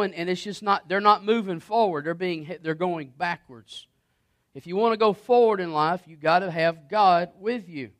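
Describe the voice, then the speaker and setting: A man preaching a sermon, reading scripture and retelling Bible stories, often repeating words as he builds momentum. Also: sits high. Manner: animated, repeats words and restarts, quotes scripture.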